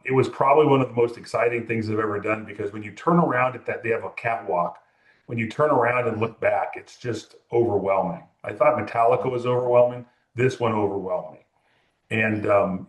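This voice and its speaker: A man's voice: on the low side, echoey room. A man from California, a music photographer, telling a long story in an interview with many fillers and restarts.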